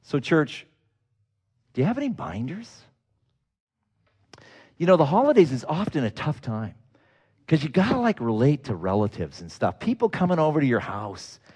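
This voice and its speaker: A male pastor delivers a story-driven sermon, his voice swinging widely in pitch as he acts out the people in the story. He sits a little higher than most men and laughs now and then as he speaks. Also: normal speed, pauses often, breathy edge. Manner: animated, acts out quoted people, breaks into laughs.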